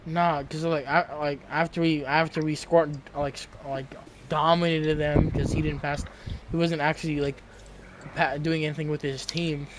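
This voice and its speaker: A man's voice: a little high, level tone, normal speed, background noise. A young man in his late teens, telling a story in casual chat, rambling with lots of fillers and restarts.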